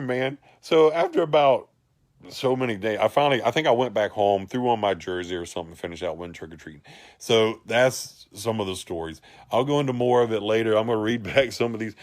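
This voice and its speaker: A low-voiced man, telling a childhood story to a group. He rambles, gets animated and laughs through his lines. The recording is dry and close. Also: brisk, no echo. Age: 40s. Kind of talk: casual personal storytelling to a group.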